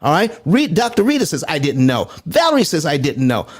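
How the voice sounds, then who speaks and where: A man hosting a live finance show, talking excitedly to his audience, reading out chat comments and repeating himself as he works through loan numbers. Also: a little high, a little fast. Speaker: host.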